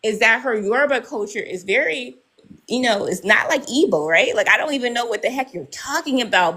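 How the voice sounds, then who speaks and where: Woman, angry, confrontational, profane, live-stream argument, bright tone. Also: on the high side, animated, a little fast, breathy edge, rough recording. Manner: repeats "right?" often. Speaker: live debate participant.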